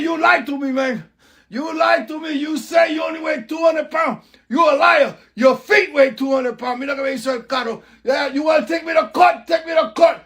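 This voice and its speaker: Comedian doing a hot-tempered middle-aged city driver, high, gravelly, yelling nonstop. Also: male voice. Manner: shouting, ranting into a phone, slips into Spanish words. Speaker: comedy skit character.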